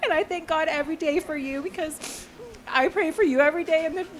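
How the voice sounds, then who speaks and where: A woman's voice: sits high, a little fast, slight background noise. A young woman giving an emotional, tearful and laughing rehearsal dinner toast to her close friend.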